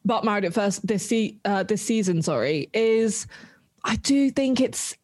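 An excitable young woman hosts a casual podcast chat. Her mid-pitched voice gushes and she laughs quickly. The dry close mic keeps the sound free of room echo. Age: young adult. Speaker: podcast host.

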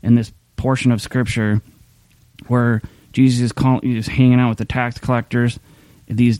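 A man's voice: medium pitch, darkish tone, dry recording. A man preaching a sermon in a candid, conversational way, often restarting his sentences. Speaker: pastor. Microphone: streaming camera mic.

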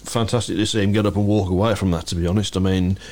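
A man with a British accent co-hosting a podcast, chatting in a quick, agreeable way. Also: low voice, steady tone, a little mellow. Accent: British English. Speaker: podcast co-host. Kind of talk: casual chat. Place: studio.

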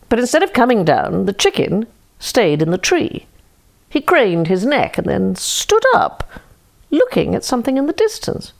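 A woman reading a storybook fable aloud in a slow, deliberate, expressive way. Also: medium pitch, creaky.

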